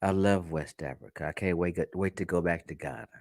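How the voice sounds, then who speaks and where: A man's voice: low-pitched, brisk, a little mellow, dry recording, studio quality. A man from the United States hosting a livestream, talking casually and profanely to his viewers, telling stories and laughing often. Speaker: livestream host.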